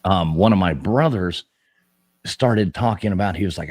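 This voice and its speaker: A man's voice: low voice, normal speed, a little mellow, slightly rough, no echo. A man hosting a live paranormal talk stream, telling stories in a rambling, casual way full of fillers and restarts. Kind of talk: casual chat.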